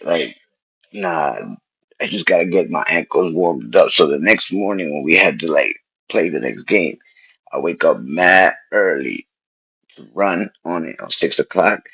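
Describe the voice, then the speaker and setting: A man casually telling a personal story in street slang, animated and repeating himself as he goes. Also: a bass voice, measured pace, vocal fry, breathy edge, highs cut off.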